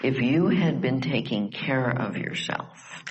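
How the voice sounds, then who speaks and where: A man leading a live workshop, coaching a participant with calm, direct, probing questions. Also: mid-range voice, slow pace, rough recording. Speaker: workshop facilitator.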